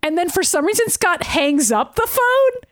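A woman with a high voice co-hosts a casual recap podcast. She retells scenes, quotes lines and laughs often. The sound is dry, with no room around her. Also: very animated, normal speed, fairly bright tone, dry recording. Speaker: podcast co-host.

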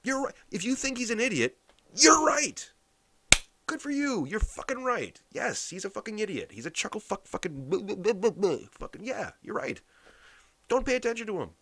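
A man's voice: high-pitched, sing-song, moderate pace, a bit bright, slight background noise. A man from Canada giving a blunt, sarcastic political rant, swearing heavily.

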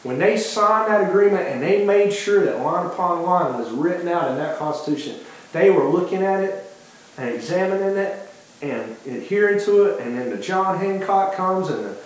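A man's voice: sits high, lively intonation, moderate pace. A man preaching a sermon with passion, often restarting phrases and acting out quoted dialogue. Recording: very echoey hall.

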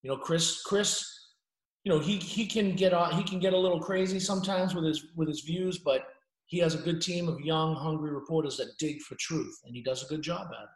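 A man's voice: on the high side, a little fast, reverberant, poor audio. A middle-aged man, a journalist talking bluntly on a casual podcast interview, often restarting his sentences. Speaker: journalist guest.

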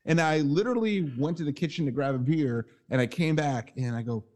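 A man hosting a casual podcast chat over a video call, telling an excitable story. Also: fairly high pitch, fairly quick. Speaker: podcast host.

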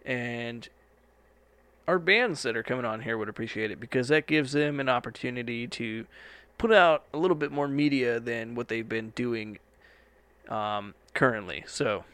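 A man's voice: medium pitch, normal speed, fairly bright tone, clear, resonant tone, no room sound. A young man hosting a podcast from a studio, rambling casually and swearing now and then. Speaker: podcast host. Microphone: studio microphone.

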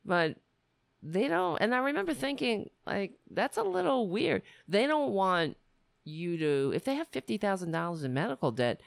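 A woman's voice: mid-range voice, sing-song, moderate pace, creaky, no echo, clean studio sound. A woman delivering a sardonic, rambling comic monologue from the United States. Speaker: comedian. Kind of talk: stand-up style comic monologue.

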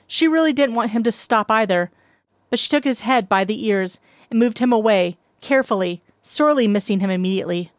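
A woman reading a story aloud as narrator, steady and unhurried. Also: fairly high pitch, no echo, studio quality. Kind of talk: reading fan fiction aloud.

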